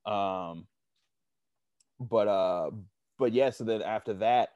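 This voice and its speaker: A man with a low voice tells stories in a casual interview, circling back and restarting his sentences. The sound is dry and close to the mic, with no room around it. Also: slow, darkish tone, clean tone, no room sound, dull audio. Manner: rambling, many restarts and fillers. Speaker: sports media guest.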